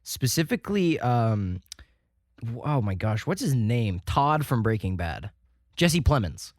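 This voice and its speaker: A man co-hosting a film podcast, excitable, laughing and rambling in casual chat. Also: medium pitch, a little slow, no echo, clean studio sound. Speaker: podcast co-host.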